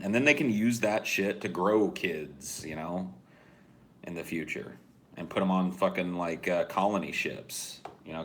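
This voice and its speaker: Man, podcast co-host, low voice, profane, rambling, deadpan. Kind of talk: casual podcast chat.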